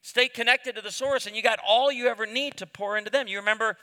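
A man's voice: very high voice, fast talker. A man in his fifties preaching a sermon, telling humorous stories and acting out the voices of the people in them. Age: 50s. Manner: animated storyteller, acts out voices. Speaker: pastor. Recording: long hall reverb.

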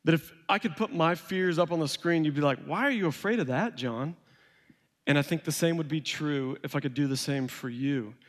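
A man's voice: on the high side, fairly even intonation, brisk, few pauses. A young man giving an earnest personal testimony, acting out quoted lines as he tells the story. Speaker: speaker sharing recovery story. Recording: long hall reverb.

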